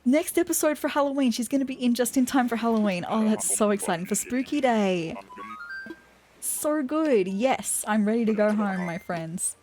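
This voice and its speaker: A woman's voice: a little high, moderate pace, faint music behind. Gushing Australian woman gaming. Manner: gushing, excitable. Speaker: gaming channel host. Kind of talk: let's-play commentary.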